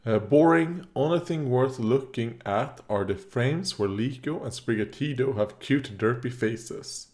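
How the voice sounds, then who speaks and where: A man's voice: medium pitch, measured pace, hardly any pauses, a little mellow. A man hosting a reaction video, chatting casually as he watches, rambling with fillers, coughing now and then and talking back at the screen. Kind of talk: casual commentary while watching.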